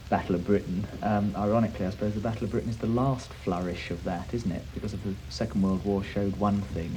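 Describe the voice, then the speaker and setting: Measured man with a flat, deep voice. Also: a little hiss or hum, poor audio. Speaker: interviewee. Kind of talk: reflective commentary.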